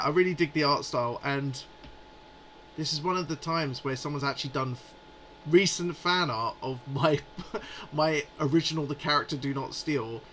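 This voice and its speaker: A man's voice: on the high side, a bit bright, a little hiss or hum, poor audio. Chatty man in his forties. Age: 40s. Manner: chatty and rambling, amused. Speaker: livestream host. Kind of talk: casual live chat.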